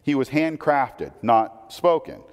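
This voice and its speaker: A man delivering a conversational sermon as a pastor, asking rhetorical questions and swinging between emphatic raised lines and quiet low asides. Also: very animated, takes it slowly, clean tone, long reverb tail.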